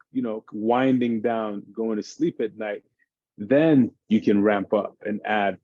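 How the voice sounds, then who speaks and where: A man, a fitness expert on a parenting panel, explaining exercise routines in an animated, casual way. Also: mid-range voice, no echo, lo-fi sound. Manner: animated, explains by acting out his kids' games.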